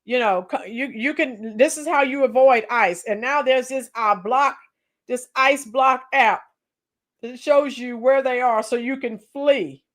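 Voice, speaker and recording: Hoarse woman streamer, slow and a bit high, opinionated chatty politics talk. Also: a bit bright. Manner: opinionated, chatty, sings song snippets slowly. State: voice cracking and hoarse. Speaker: live-stream commentator reading chat. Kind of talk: casual political commentary livestream.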